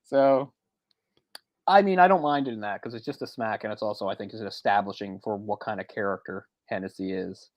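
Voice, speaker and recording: A man's voice: lowish voice, fairly quick, no echo. A man chatting casually on a movie discussion podcast, retelling scenes in a rambling way with frequent restarts and chuckles. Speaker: podcast co-host.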